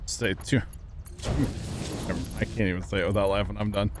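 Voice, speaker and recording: A man's voice: on the low side, fairly even intonation, a little fast, noisy background. A man livestreaming a game, chatting casually with his viewers in a rambling way, thanking them and laughing easily. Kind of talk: casual gaming livestream chat.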